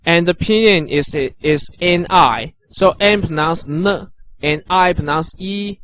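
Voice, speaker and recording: A man teaching characters and their pronunciation, patient and encouraging, repeating each sound slowly. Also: a little high, a bit bright, no echo. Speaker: language teacher. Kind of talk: instructional narration.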